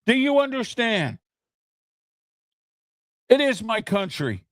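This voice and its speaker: A man's voice: sits high, very animated, measured pace, pauses often, dry recording, studio quality. A man hosting his own opinion talk show, speaking heatedly and repeating himself, often checking in with "okay?". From United States. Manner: heated, repetitive, keeps asking "okay?".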